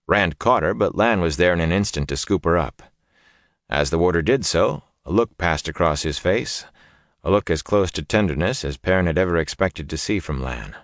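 Deep-voiced guy narrating a fantasy audiobook, calm and even, dry close mic. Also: normal speed, no echo.

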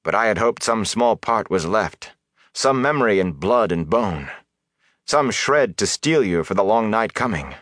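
A man voicing a commanding woman sorceress, speaking quietly but sternly. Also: on the low side, expressive, unhurried, no room sound, clean studio sound.

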